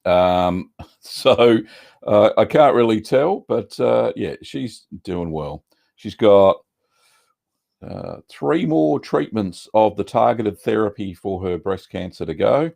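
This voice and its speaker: Gravelly Australian man, relaxed livestream host. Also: fairly low pitch, slow. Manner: relaxed, rambling, many ums and uhs. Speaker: cheese-making livestream host. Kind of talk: casual livestream chat.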